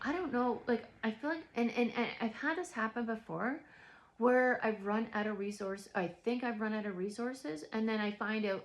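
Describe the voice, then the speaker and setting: A woman's voice: on the high side, moderate pace. A woman vlogging from home in a reflective, rambling monologue, full of restarts and filler words.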